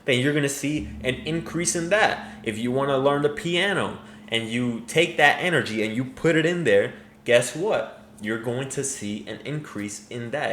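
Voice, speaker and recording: A man's voice: medium pitch, fairly bright tone, a little hiss or hum. Man, reaction commentary, mocking, profane, roomy echo. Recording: echoey room.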